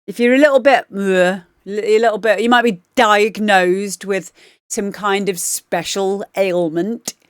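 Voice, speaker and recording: A woman's voice: mid-range voice, steady tone, a little slow, clear, resonant tone, no room sound, clean studio sound. A woman DJ hosting a livestream, chatting casually and rambling with lots of fillers as she gives feedback on demos. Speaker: DJ and livestream host.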